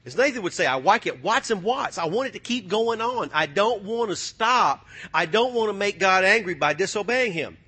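High, bright husky-voiced preacher man. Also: expressive, moderate pace, hardly any pauses. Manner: preaching with call-and-response, swinging from soft to loud; folksy, drawls phrases like y'all and ain't. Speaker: pastor. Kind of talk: sermon.

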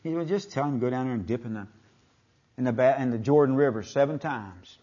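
An older male preacher delivers a sermon in a folksy, storytelling way. His voice swells to booming proclamations and falls back to hushed, near-whispered lines. The recording is dull and lo-fi. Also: quick pace. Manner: folksy, retells scripture in plain speech.

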